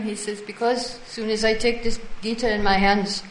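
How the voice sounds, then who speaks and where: A woman's voice: mid-range voice, little pitch movement, normal speed, hardly any pauses. A woman teaching a devotional class, retelling stories with quoted dialogue and answering listeners. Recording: echoey room.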